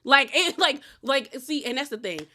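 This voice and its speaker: Bright-voiced woman recapping with gusto. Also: high-pitched, moderate pace, slight background noise. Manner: animated retelling, acting out quotes. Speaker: reality TV recap host. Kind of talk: casual recap commentary.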